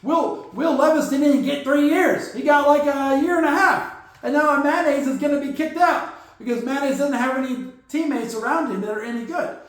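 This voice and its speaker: High-voiced man in a very echoey room. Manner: rambling, jokey, acts out teams and players in quick put-on quotes. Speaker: podcast host. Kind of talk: casual solo sports commentary.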